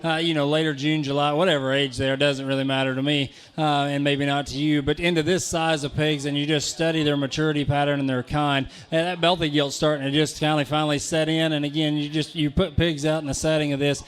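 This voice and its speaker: A man's voice: a little high, little pitch movement, brisk, few pauses, clean tone. A man giving casual, rambling commentary on pigs at a livestock sale, often repeating words.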